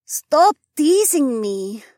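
A man voicing an eager, breathless young woman in an audiobook, in a high breathy falsetto. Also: sing-song, drawn-out words, a little mellow, no echo, studio quality, exaggerated voice. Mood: breathless pleading.

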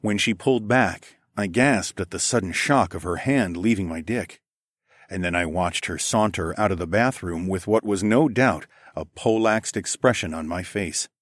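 Deep-voiced man narrating an erotic audiobook. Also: moderate pace, no room sound, studio quality.

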